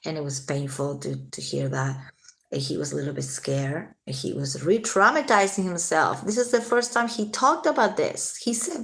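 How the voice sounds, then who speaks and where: A woman's voice: deep voice, normal speed, creaky, fairly bright tone. A woman hosting a casual late-night livestream, chatting with viewers, answering their comments and swearing freely.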